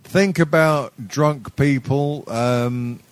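A man's voice: medium pitch, drawn-out words, slight background noise. A middle-aged man hosting a podcast, telling a story in a rambling, sweary way and laughing often. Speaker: podcast host. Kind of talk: casual comedic chat.

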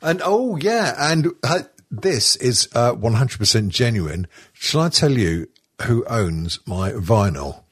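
Host type, man, husky and low, sweary, rambling talker, dry close sound. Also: big pitch swings, takes it slowly, no echo. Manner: sweary, rambling, laughing often. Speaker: podcast host. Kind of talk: casual chat.

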